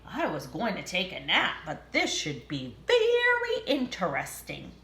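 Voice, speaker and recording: A woman's voice: on the low side, huge pitch swings, measured pace, sharp tone, roomy sound, heavily acted. A woman voicing a graceful, nap-loving female cat in a children's storybook, in a dry, amused manner.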